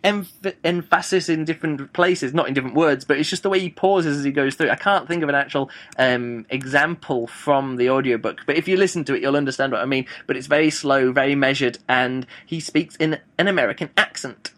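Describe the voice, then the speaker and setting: A man's voice: mid-range voice, a little fast, hardly any pauses, fairly bright tone. A man giving a casual audiobook review, rambling and thinking aloud as he goes. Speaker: book reviewer.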